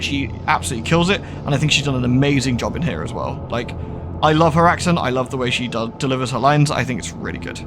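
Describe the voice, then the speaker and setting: A man with a West Country English accent, chatting casually and rambling while he streams a game. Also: mid-range voice. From England. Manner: chatty, rambling, lots of fillers and restarts. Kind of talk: casual gaming commentary.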